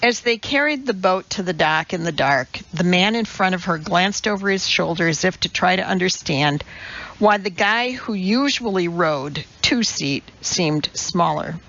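Woman audiobook narrator, measured and wry, slow, dull lo-fi recording. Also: lowish voice, animated, fairly bright tone. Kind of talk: scripted narration.

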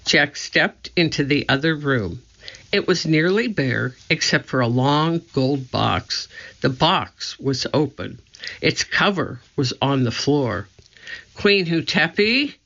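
A storybook narrator reads slowly and deliberately. The voice is bright and has a gravelly fry. The recording is muffled and lo-fi. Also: medium pitch, lively intonation. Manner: slow, deliberate reading. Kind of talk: storybook reading.

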